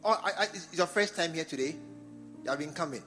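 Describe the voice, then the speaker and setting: A man with a Ghanaian English accent preaching a sermon in church, repeating phrases and swinging from quiet talk to loud exhortation. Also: a little high, brisk, soft background music. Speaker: bishop preaching. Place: church service.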